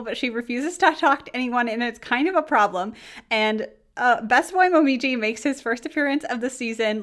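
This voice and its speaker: A young woman hosting a casual anime review vlog, bubbly and giggly, rambling excitedly with lots of fillers. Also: a little high.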